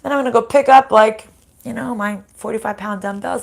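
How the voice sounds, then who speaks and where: A woman's voice: on the high side, normal speed, gravelly. A woman with a scratchy voice leads a live-streamed spiritual card reading. She talks in a casual, chatty way, laughs often and swears now and then. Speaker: card reader.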